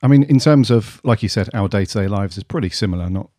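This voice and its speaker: The voice of a man co-hosting a podcast, easygoing and quick to laugh, with casual swearing. His low, mellow voice is heard close and dry. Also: no room sound. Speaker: podcast co-host.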